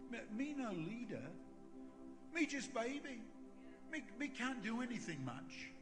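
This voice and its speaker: A man's voice: very high voice, very animated, measured pace, a bit bright, pitched above the performer's own voice, heavily acted. A man mimicking a timid, self-pitying churchgoer who whines in baby talk. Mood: whiny. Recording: long hall reverb with music.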